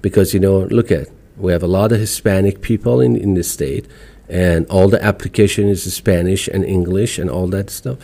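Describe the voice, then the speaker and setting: Man, middle-aged, Iranian accent, lowish dark voice, emphatic and animated, podcast guest, casual chat. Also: moderate pace, vocal fry. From Iran. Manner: emphatic, animated, non-native phrasing.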